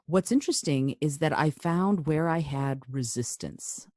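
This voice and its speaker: A woman's voice: low-pitched, unhurried, darkish tone, dry recording, studio quality. A woman hosting a podcast interview, reflecting on her own experience in response to her guest. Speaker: podcast host.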